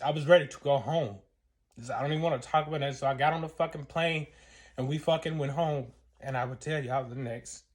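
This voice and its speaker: A young man telling a personal story in a casual vlog. He talks in an emotional, rambling way, with lots of cursing and fillers. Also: fairly high pitch.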